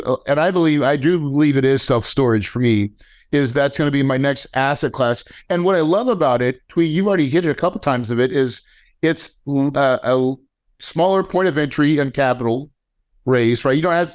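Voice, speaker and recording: A man hosting a podcast in casual chat, energetic and slangy, often checking in with "right?". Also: a little high, normal speed. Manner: energetic, slangy, thinks aloud with many "right?". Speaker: podcast host.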